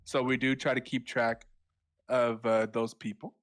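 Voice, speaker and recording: Here the southern U.S. caster sounds measured and level, with a medium-pitched, fairly bright voice. His casual live esports commentary still rambles, full of fillers and self-corrections.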